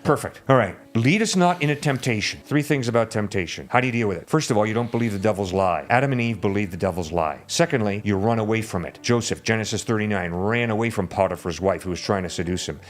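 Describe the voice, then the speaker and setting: Brief: male guest preacher, lower voice, emphatic teacher, deliberate pacing on the points that matter. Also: soft background music. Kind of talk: teaching on prayer in a podcast chat.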